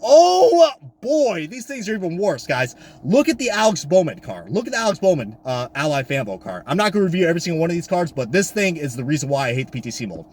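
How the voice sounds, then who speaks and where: A man ranting loudly on camera about diecast cars, swearing and swinging from high exasperated shouts down to low mutters. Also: very animated, fast talker, hardly any pauses, a little hiss or hum. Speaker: diecast collector vlogger. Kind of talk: profane comedic rant. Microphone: camera mic.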